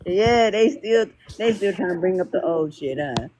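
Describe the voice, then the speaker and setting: A man's voice: sits high, animated, a little mellow, slight background noise. Man, joking around, slangy livestream panel talk. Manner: loose, joking, slangy, quick laughs. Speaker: podcast panel host. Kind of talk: casual banter on a livestream.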